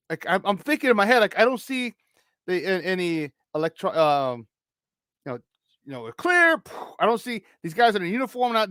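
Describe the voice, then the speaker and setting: A sports talk show co-host with a high voice relates a story on a morning program, animatedly playing each person he encounters. Swearing freely and restarting sentences many times, he's recorded dry and close, with no sense of a room.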